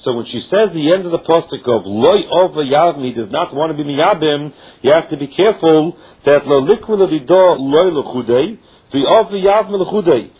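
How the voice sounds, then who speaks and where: A man a slightly raised, husky voice leads a class in a cadence. He works through the text line by line, dropping Hebrew and Aramaic terms in as he goes. The sound is dull and muffled, like a lo-fi radio recording. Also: a little high, animated, moderate pace. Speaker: Talmud teacher. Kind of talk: Talmud study class.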